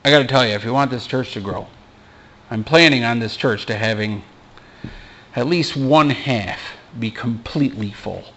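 A pastor giving an informal sermon in a small church, mixing scripture with joking asides. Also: male voice, medium pitch, normal speed, a bit bright, dull audio. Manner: conversational preaching with joking asides.

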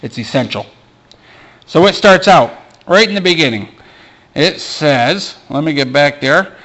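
A pastor giving an informal sermon in a small church, mixing scripture with joking asides. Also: male voice, a little high, lively intonation, unhurried, fairly bright tone. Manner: conversational preaching with joking asides.

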